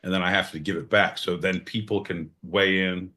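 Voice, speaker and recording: A man co-hosting a comedic podcast in casual banter, animated and crude, breaking into loud mock outbursts. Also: sits low, normal speed. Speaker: podcast co-host.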